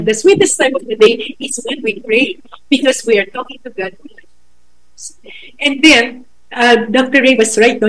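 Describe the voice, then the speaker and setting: A middle-aged woman with a Filipino accent, a school educator giving a talk on raising children, slow and emphatic, switching languages, telling stories. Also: a little high, low-quality recording. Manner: code-switching, storytelling, slow emphatic phrasing.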